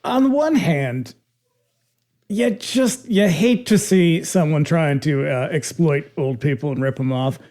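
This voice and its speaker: A man's voice: on the high side, slow pace, darkish tone. A man co-hosting a podcast, dropping wry, profane asides in casual chat. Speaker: podcast co-host.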